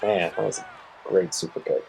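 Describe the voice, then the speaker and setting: A man's voice: sits low, normal speed, gravelly, darkish tone, soft background music, poor audio. A man giving casual play-by-play commentary while rewatching a wrestling match, laid-back and chuckling often, with bursts of surprise.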